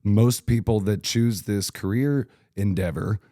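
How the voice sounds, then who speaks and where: A young man from Arkansas hosting a podcast, chatting casually and teasing his guests with quick jokes. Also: on the low side, warm tone, no echo, studio quality. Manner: joking, teasing, quick asides. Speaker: podcast host. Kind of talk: casual interview chat.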